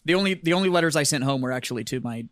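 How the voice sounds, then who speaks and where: A man's voice: on the high side, animated, racing, no room sound, studio quality. A man hosting a podcast, telling a profane, rambling story about his army basic training. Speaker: podcast host, army veteran.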